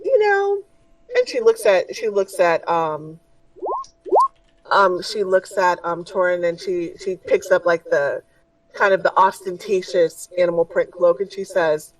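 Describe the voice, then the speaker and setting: A woman's voice: lowish voice, fairly even intonation, unhurried, distant mic, poor audio. A woman narrating as game master of a tabletop game, in loose, rambling narration full of fillers.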